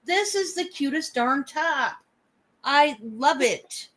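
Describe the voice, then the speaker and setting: A woman hosting a live sale while fighting a cold, her voice hoarse and froggy. She chats and laughs, gushing about each item in a bright, forward tone. Her voice sits a little high. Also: lively intonation, slow. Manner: chatty, laughing, gushing over items. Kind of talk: casual live selling chat.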